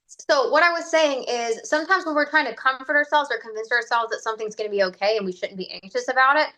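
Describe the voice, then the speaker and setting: A woman's voice: fairly high pitch, bright, forceful tone. A woman who works as a fitness coach talks casually, filling her speech with "like" and "right?" and acting out inner voices as she explains. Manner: chatty, fills speech with "like" and "right?". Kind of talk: casual livestream talk.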